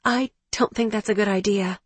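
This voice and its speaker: A woman reading an audiobook, voicing a blunt, protective young woman friend who talks briskly. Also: mid-range voice, fairly even intonation, husky, no echo, voice pushed up, lightly acted. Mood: firm.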